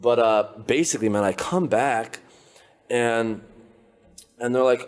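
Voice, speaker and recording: A young man, a podcast guest, telling a story in a loose, animated way, full of filler words. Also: medium pitch, a little slow, pauses often, clear, resonant tone. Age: young adult. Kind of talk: casual storytelling. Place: his apartment.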